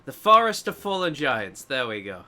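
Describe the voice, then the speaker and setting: Bright-voiced man joking through gameplay. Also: medium pitch, big pitch swings, normal speed. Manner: jokey, rambling, self-mocking. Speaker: gaming co-host. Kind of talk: casual gameplay banter.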